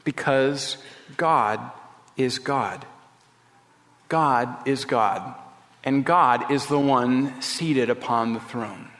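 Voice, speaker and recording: Emphatic preaching pastor with reverb. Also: male voice, medium pitch, fairly bright tone. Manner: slow, emphatic preaching with dramatic pauses. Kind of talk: radio sermon.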